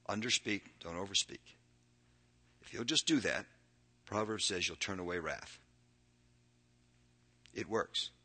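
Reading scripture in a sermon, an older man speaks with earnest conviction, his voice on the low side and slightly rough. He alternates between forceful loud outbursts and hushed, stretched-out lines.

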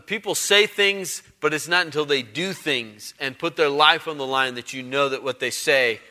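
A man's voice: fairly high pitch, sharp tone. A male pastor giving a conversational sermon, emphatic and given to repeating phrases for weight.

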